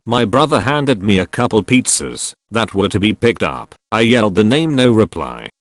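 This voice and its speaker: A man's synthetic voice reading online stories aloud as a steady scripted narration. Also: on the low side, normal speed, no echo, studio quality.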